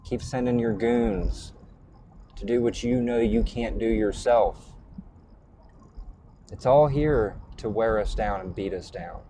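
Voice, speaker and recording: A man's voice: fairly low pitch, slow, long pauses, warm tone, slight background noise. A man hosting a casual online call-in chat, talking in a loose, rambling way and swearing angrily. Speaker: show host.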